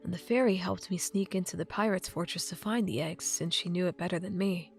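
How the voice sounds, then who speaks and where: A woman's voice: on the low side, fairly quick, faint music behind, lightly acted. A woman reading the lines of an awkward, earnest young male hero in an audiobook. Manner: hesitant, mumbling. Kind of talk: audiobook character voice.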